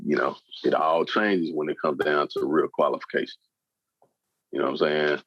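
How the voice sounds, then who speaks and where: A man's voice: extremely low pitch, fairly even intonation, normal speed, no echo, lo-fi sound. A man co-hosting a podcast, joking around in casual chat and imitating slang greetings. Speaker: podcast co-host.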